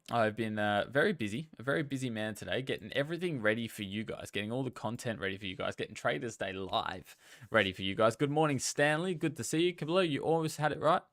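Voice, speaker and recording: A man's voice: mid-range voice, a bit bright, no echo, clean studio sound. A young man hosting a casual trading livestream, chatting with viewers and greeting them by name. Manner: chatty, reads out viewer names and talks to chat. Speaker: livestream host. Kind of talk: casual live-stream market commentary.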